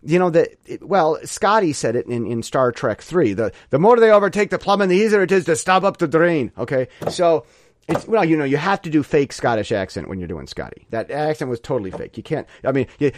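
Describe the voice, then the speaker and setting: Chatty man with a lively, bouncing voice. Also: fairly high pitch, dry recording, studio quality. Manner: digressive, self-correcting, jokey asides. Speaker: website owner giving a weekly update. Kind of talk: casual rambling monologue.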